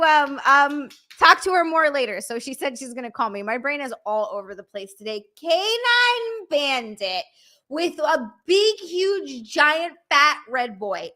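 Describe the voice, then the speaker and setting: Reading viewers' super chats aloud during a live stream, this young woman gushes and breathlessly thanks them. Her voice is high, bright, and ringing, and she swears freely throughout.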